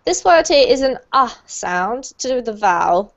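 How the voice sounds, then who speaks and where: Cheerful pronunciation teacher, high-voiced woman, online class over a muffled call. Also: big pitch swings, moderate pace, creaky. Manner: upbeat, encouraging, praises often. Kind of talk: online group pronunciation lesson. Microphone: video call. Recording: dull lo-fi video call audio.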